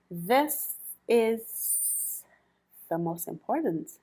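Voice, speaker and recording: A woman's voice: on the low side, darkish tone. A young adult woman teaching English in a chatty spoken lesson, repeating words for practice and laughing often.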